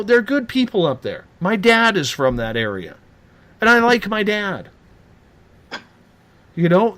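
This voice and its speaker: A man hosting a late-night radio talk show, animated and teasing as he rants. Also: high-pitched.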